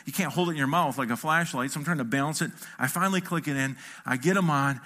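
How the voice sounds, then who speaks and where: A man's voice: on the high side, fast. A middle-aged man preaching a sermon as a pastor, telling a funny story and acting out the quotes of the people in it. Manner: animated, acts out quotes with a shifting voice.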